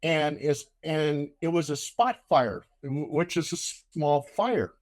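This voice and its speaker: An older man with a somewhat high voice tells a story with lots of energy and puts real force into the lines he quotes. He is a relaxed host chatting casually. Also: slow. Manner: animated storyteller who shouts out quoted lines. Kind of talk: casual chat.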